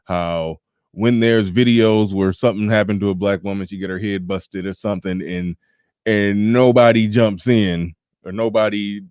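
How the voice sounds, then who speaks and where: Hosting a casual livestream, a man reads viewers' super chats while talking bluntly and profanely, laughing and tossing in sarcastic asides. His fairly low, darkish voice is steady, clear, and resonant at a normal pace, captured in a dry, studio-quality recording.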